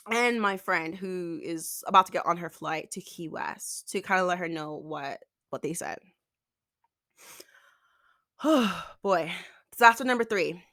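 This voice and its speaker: A woman's voice: fairly low pitch, slow, long pauses, bright, forceful tone. A woman telling a storytime vlog, exasperated, acting out the dialogue as she retells it. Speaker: vlogger.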